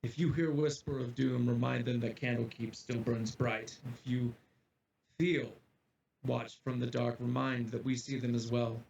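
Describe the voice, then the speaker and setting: A man voicing a grave male headmaster who gives a solemn, measured address to his students, recorded from a distance in an echoey room with faint ambience. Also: medium pitch, flat delivery, creaky, a little mellow, muffled recording, slight background noise.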